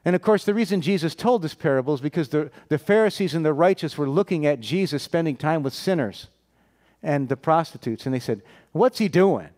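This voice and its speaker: A man's voice: fairly high pitch, lively intonation, fairly quick, darkish tone. A man preaching a sermon, telling a Bible story, acting out the characters' lines and putting questions to his listeners.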